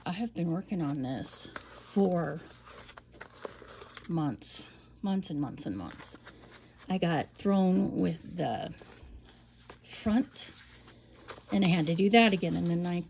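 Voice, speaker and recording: A woman's voice: on the low side, creaky, darkish tone, slight background noise. A middle-aged woman casually showing off a handmade album, chatty and rambling, with frequent laughs and whispered asides. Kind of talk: casual show-and-tell.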